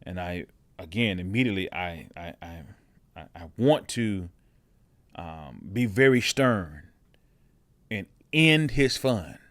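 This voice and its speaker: A man's voice: sits low, expressive, slow pace, pauses often, fairly bright tone, no room sound. A man with a heavy voice, hosting a reflective personal monologue and talking through his thoughts conversationally, often checking in with "right?" and restarting his words. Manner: frequent restarts and repeated words. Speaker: podcast host.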